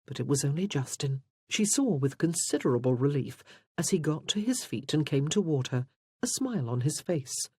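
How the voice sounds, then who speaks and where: A man narrating a period romance audiobook in a measured, expressive way. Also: fairly high pitch, breathy edge, dry recording, clean studio sound. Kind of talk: scripted narration.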